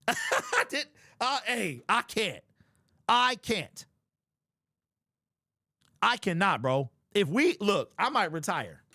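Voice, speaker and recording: Speaking slowly with long pauses, a young sports host on a livestream rants in disbelief, his high, sharp voice swinging widely in pitch. He reads viewer super chats, sounding exasperated and repeating himself. Clean studio sound without room echo.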